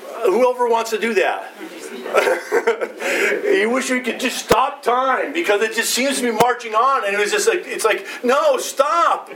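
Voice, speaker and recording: Middle-aged pastor preaching in a roomy church. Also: male voice, extremely high pitch, a little fast, hardly any pauses, fairly bright tone. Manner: conversational preaching with rhetorical questions. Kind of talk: sermon. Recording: roomy, distant, faint ambient noise.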